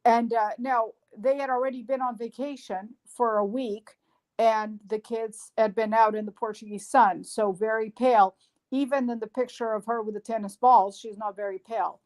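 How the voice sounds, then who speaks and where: A woman guest on a podcast, retelling events in an animated way with frequent restarts and fillers. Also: on the high side, moderate pace. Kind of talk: casual podcast discussion.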